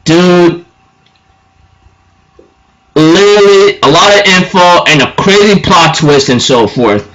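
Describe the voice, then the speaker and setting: A man recapping an anime episode for his channel, excitable and tripping over his words. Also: high-pitched, slow pace, pauses often, highs cut off. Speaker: anime reviewer.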